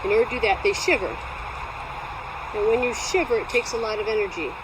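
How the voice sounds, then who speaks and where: A woman's voice: on the high side, quick pace. A woman beekeeper talking at her hives outdoors in a chatty, playful vlog style, teasing herself as she goes. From Alaska. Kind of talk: casual outdoor how-to vlog. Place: outdoors at a bee yard. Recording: outdoor noise, passing vehicles.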